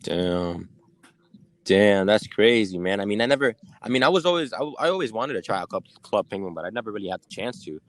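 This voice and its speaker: A young man co-hosting a podcast, talking casually in halting stop-start phrases. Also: fairly low pitch, a bit bright. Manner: halting, stumbles and restarts. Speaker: podcast co-host. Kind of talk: casual chat.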